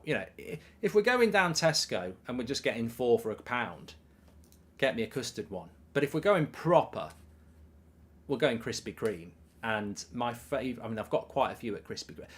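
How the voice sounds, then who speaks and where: Chatty man hosting a live stream. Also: mid-range voice. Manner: chatty, animated storytelling with swearing and asides. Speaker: live stream host reading super chats. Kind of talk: casual live watchalong chat.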